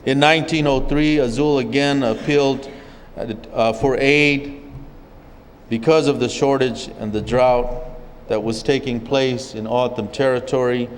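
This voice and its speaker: A man from an O'odham community in Arizona recounting his people's history as a speaker at a public forum, in a measured storytelling way. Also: medium pitch, fairly even intonation, big-room sound, slight background noise, rough recording. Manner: measured storytelling, occasional restarts. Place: legislative chamber at a state capitol.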